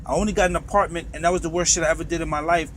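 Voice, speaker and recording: A man's voice: fairly high pitch, fairly even intonation, very fast, fairly bright tone, slight background noise. A truck driver with a New York accent, ranting in a bitter, profane monologue from inside his truck cab.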